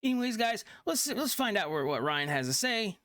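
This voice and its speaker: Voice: mid-range voice, big pitch swings, normal speed, a bit bright, dry recording, studio quality. A reaction channel host giving casual commentary, frustrated and repeating pointed questions.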